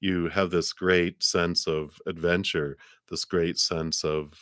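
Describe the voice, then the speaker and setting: A man's voice: sits low, little pitch movement, slow, fairly bright tone, no echo, studio quality. A middle-aged man giving a live tarot reading to a viewer, musing aloud with frequent chuckles and repeated words as he searches for the right ones. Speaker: tarot card reader.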